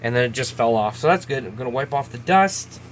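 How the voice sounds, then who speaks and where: A man hosts casual commentary while opening trading card packs, reading names aloud and laughing at himself. His medium-pitched voice is expressive and brisk, with a little hiss or hum.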